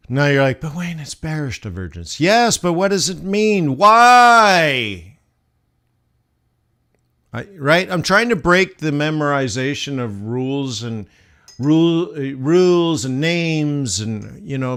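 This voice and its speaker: A man teaches forex on a live stream in an unhurried, conversational way. He keeps asking his viewers rhetorical questions as he walks through the charts, speaking into a desk mic at his computer. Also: mid-range voice, a bit bright, clear, resonant tone. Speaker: forex trading instructor. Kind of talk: live-stream trading lesson.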